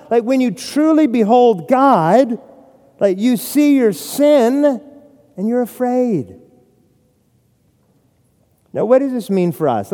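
A man preaching a sermon, animated, with frequent rhetorical "right?" asides. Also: sits high. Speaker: pastor. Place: church sanctuary. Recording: long hall reverb.

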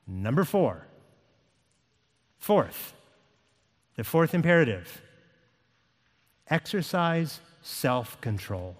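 A man preaching a sermon to a congregation, reading scripture slowly and pressing each point with emphasis. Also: sits high. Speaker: pastor. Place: church sanctuary. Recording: long hall reverb.

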